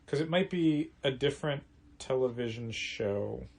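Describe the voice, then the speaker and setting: A man's voice: medium pitch, lively intonation, a little slow, creaky, darkish tone. Chatty man hosting a comic shop podcast. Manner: chatty, rambling with restarts and "like". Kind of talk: casual chat.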